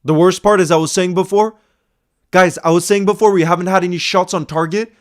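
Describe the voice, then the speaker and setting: A fan-channel host reacts live to a football match, exasperated and ranting, lurching between loud outbursts and low muttering. His tone stays steady and his pace runs a little fast, and he keeps repeating himself and restarting with a stammer.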